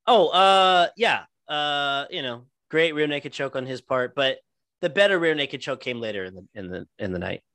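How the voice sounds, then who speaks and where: A man's voice: a little high, lively intonation, moderate pace, fairly bright tone, dry recording. A man co-hosting a casual podcast, talking in a laid-back, rambling way with fillers and swearing. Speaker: podcast co-host. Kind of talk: casual chat.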